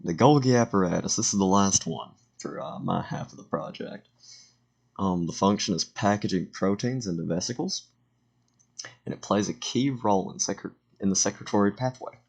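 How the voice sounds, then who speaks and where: A teenage boy with a low, gravelly voice narrates a school slideshow into a home computer mic. He stumbles over words, corrects himself, and slips in joking asides. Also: normal speed. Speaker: student presenter.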